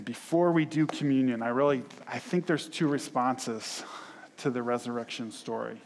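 A man preaching a conversational sermon as pastor, telling stories with animated quoted voices. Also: medium pitch, moderate pace, slight background noise. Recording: long hall reverb.

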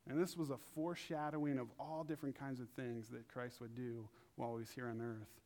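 A young man preaching in a casual, animated way, acting out quotes in funny high voices. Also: a little fast. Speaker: pastor. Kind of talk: casual sermon.

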